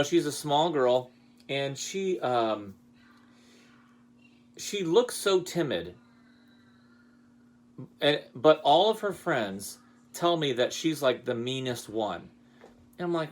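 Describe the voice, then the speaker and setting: A man in his role as a high school choir director, handing out awards in a loose, chatty way. His voice sits at a middle pitch and leaps upward as he gets into his stories. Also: measured pace, pauses often. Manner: chatty, animated storytelling with lively pitch jumps. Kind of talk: casual award speech with anecdotes.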